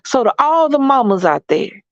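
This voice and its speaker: A woman's voice: sits high, moderate pace, dry recording. A middle-aged woman hosting a vlog, chatting casually and laughing to her viewers. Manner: lively, laughing, African American Vernacular grammar. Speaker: vlog host. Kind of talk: casual chat to camera. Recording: dull lo-fi sound, dry room.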